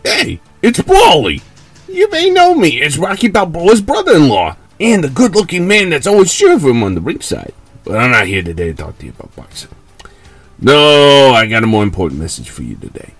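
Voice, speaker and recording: Gruff, brash Paulie parody PSA, played by a man; gravelly, lively swings. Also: medium pitch, exaggerated voice. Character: crude mock Paulie giving a psa, gruff older man. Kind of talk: comedy sketch.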